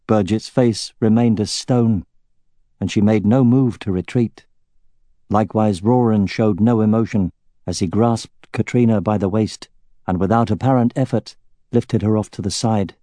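A man narrating an audiobook in an even, measured reading. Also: on the low side, no echo, studio quality.

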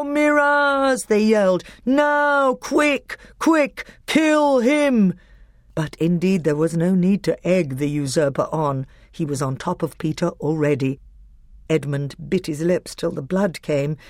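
A woman reading a storybook aloud as narrator, with expressive storytelling. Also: low-pitched, no room sound, clean studio sound. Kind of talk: audiobook narration.

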